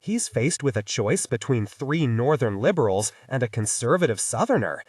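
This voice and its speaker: A man's voice: medium pitch, very animated, normal speed, a little mellow, no echo, recorded from a distance. A savvy female reporter with a wry, knowing way of teasing, as a man reads her in an audiobook. The sound is dry and close.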